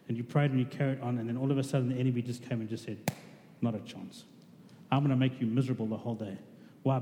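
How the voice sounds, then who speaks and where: A man's voice: medium pitch, warm tone. A man preaching a conversational sermon, asking his congregation questions. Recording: reverberant hall with faint noise.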